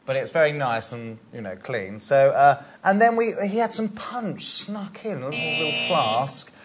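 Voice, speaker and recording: A man's voice: fairly high pitch, lively intonation, moderate pace, background noise. A man on a comedy radio panel, telling an improvised story in a rambling, giggly way.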